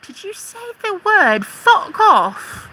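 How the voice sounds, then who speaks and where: A whiny, prissy scold of a woman, as a streamer puts her on, nagging in a shrill, mock-outraged tone. Her voice sits very high and swoops wildly up and down, with a bright, sharp edge. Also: very animated, slow pace, heavily acted. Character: prissy whiny scolding female chat viewer.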